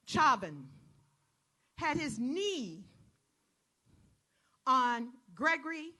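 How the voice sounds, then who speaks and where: High, bright-voiced woman emceeing a rally. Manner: preacherly, call-and-response, folksy. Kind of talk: addressing a protest crowd. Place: outdoors at a large rally.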